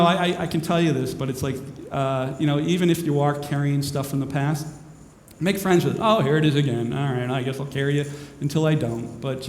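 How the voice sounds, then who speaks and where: A minister speaks to a crowd in a large hall, rambling and self-mocking as he moves between jokes and spiritual points. His mid-pitched voice rings with long reverb, and a faint hiss lies underneath. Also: a little mellow. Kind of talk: humorous inspirational talk. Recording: echoey hall with faint noise.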